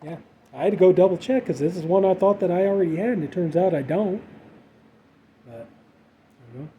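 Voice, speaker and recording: A man's voice: high voice, a little fast. A man casually chatting through his horror movie haul, rambling with lots of fillers. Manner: rambling, filler-heavy, relaxed. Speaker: horror collector showing a haul. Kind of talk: casual unboxing chat. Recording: dull lo-fi audio with faint background noise.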